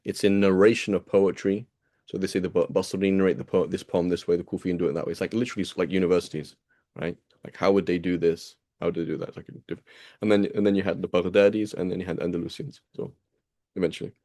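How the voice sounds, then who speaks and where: A man's voice: sits low, little pitch movement, fast talker, warm tone. A man teaching a small class, reading and explaining texts in a casual, rambling way and asking his students rhetorical questions.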